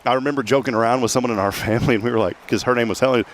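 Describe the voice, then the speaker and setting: A man's voice: mid-range voice, fairly even intonation, rapid-fire. A man hosting a local fundraiser show from an outdoor parking lot, chatting casually and joking. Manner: joking, chatty, self-mocking. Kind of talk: casual live chat.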